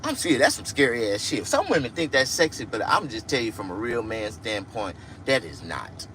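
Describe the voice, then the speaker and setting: A man telling crude comic stories, shouting and shrieking for effect. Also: medium pitch, very animated, brisk, a little hiss or hum. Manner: crude, loud, shrieking storytelling. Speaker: comedian. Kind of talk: comic monologue.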